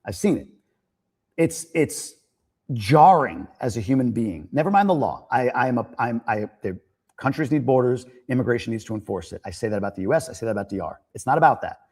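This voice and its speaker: A middle-aged man from the United States talks straight to his livestream audience in a loose, opinionated monologue. His voice sits at a medium pitch but swings widely, climbing high when he gets worked up or starts joking. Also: a little fast, slightly rough. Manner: animated, opinionated, laughs and rises to near-shouting when joking. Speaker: livestream host. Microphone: streaming mic.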